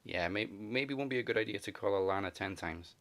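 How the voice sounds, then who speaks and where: A man's voice: lowish voice, fast talker, a bit bright. A man hosting a casual wrestling podcast, laughing often as he moves through the segments. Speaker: podcast host.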